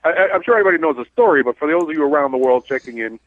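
A man's voice: fairly high pitch, lively intonation, racing. A man, a cab driver hosting a talk radio show, blunt and rambling as he tells stories. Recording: tinny phone-like dry sound.

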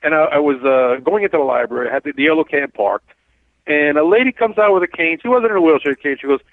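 This man, a cab driver hosting a talk radio show, speaks at a quick pace with a fairly high pitch. He's blunt and rambling as he tells stories, and the recording is dry and tinny like a phone, with no echo.

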